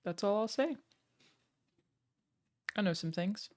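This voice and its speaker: A woman's voice: mid-range voice, expressive, slow pace, long pauses, darkish tone. A young woman chatting casually on a live stream, answering her viewers' questions with many fillers like "um" and "like". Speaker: streamer and game writer.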